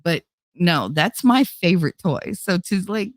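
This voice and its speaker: A woman streamer chats casually with her audience, swearing, laughing frequently and letting her pitch swing high and low. Her intonation is lively and her pace a little slow; the desk-microphone recording is dry and clean, studio-like.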